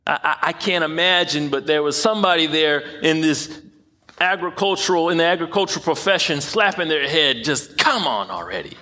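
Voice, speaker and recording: A man's voice: fairly high pitch, steady tone, fairly quick, pushed and bright. A man preaching a sermon in an emphatic way, often repeating phrases and tripping over his words. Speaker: pastor.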